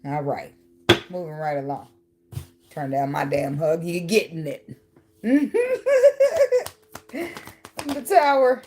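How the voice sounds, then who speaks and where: Low-voiced, blunt and profane woman tarot reader. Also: mellow, slight background noise. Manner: blunt, profane and teasing, with frequent laughs. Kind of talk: casual tarot reading.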